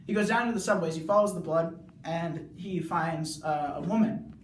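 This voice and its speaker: A young male student rambling through a casual plot recap, full of "like"s, now and then yelling. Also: fairly high pitch, normal speed, slight background noise. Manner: rambling, many "like"s, bursts of yelling. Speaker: student video reviewer. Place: bathroom. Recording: echoey bathroom, mic far off.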